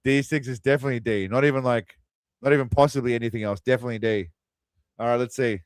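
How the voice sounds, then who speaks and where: A man's voice: medium pitch, fairly even intonation, fast talker, clear, resonant tone, dry recording. A man hosting a crude, mocking movie commentary, tossing out quiz-style asides. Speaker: host. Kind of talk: sarcastic movie riffing commentary.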